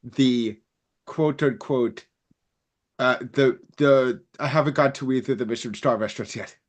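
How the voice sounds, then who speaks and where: A man's voice: mid-range voice, moderate pace. A man chatting casually at a roundtable, speaking in an ordinary mid-range voice. He rambles along, with plenty of fillers and restarts. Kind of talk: casual chat.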